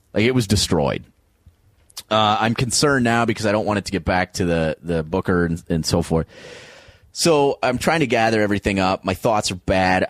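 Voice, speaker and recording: A man's voice: fairly low pitch, no room sound. A man, a comedian guest, telling a wild story in an interview and acting out the other people in it. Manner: animated, acts out voices in stories.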